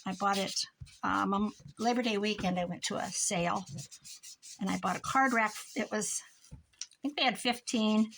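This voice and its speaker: A woman's voice: mid-range voice, moderate pace, gravelly, a bit bright, a little hiss or hum, low-quality recording. Rambling chatty Midwestern woman crafting. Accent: American Midwest. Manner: rambling, chatty, laughs often. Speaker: crafting vlogger. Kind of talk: casual chat while crafting. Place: craft room at home.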